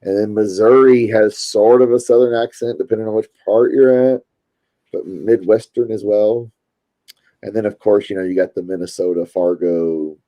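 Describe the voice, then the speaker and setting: A man's voice: on the low side, steady tone, normal speed, highs cut off. A man with a Louisville Kentucky accent, chatting casually and rambling to his stream viewers. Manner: rambling, chatty, self-interrupting.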